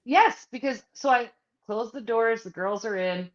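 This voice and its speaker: A woman's voice: on the high side, a little slow, lo-fi sound. A woman co-hosting a podcast, casually telling a story with lots of swearing and acting out other people's lines. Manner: profane, animated storyteller who acts out others' lines. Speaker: podcast co-host. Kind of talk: casual chat, personal storytelling.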